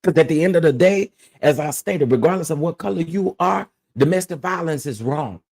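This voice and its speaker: A man's voice: a little high, expressive, fairly quick, vocal fry, a little mellow. A man hosting his own commentary channel, ranting bluntly and emphatically and repeating phrases to press his point.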